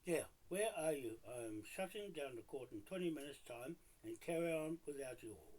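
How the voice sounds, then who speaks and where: A husky-voiced man mutters and grumbles to himself, swearing freely. His pitch swings widely between low under-the-breath mumbles and louder bursts. He talks alone at his desk in a home office. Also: lively intonation, moderate pace, low-quality recording. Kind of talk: muttering to himself on a live stream.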